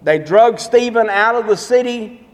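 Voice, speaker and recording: A man's voice: high-pitched, a little slow. A pastor preaching a sermon in a church, emphatic and repetitive as he tells stories and drives his points home. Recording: long hall reverb.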